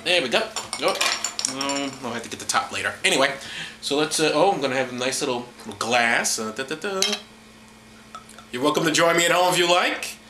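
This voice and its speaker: A man's voice: medium pitch, lively intonation, quick pace, roomy sound, noisy background. A man hosting a casual, irreverent talk, rambling, laughing and mocking as he goes. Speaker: host.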